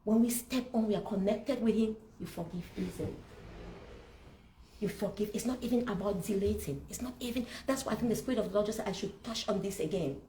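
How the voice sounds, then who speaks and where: A woman's voice: medium pitch, a little fast, mellow. A woman leading a sermon-like teaching talk who preaches with rhetorical questions and scripture. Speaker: speaker leading a masterclass. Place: event room. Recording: roomy hall with faint background noise.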